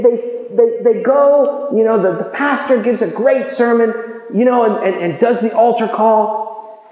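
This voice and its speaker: A man preaching a sermon, lively and joking, acting out everyday conversations with put-on voices. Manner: animated, acts out dialogue with funny voices. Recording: echoey hall, dull low-fi sound.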